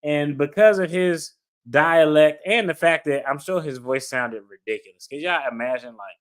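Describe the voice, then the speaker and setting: A man with a slightly high voice reads legal filings aloud as an attorney commentator. He keeps stopping to add blunt, cursing asides in disbelief. His delivery moves between a plain reading voice and quick, exasperated remarks. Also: clean tone. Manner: blunt, profane, incredulous asides.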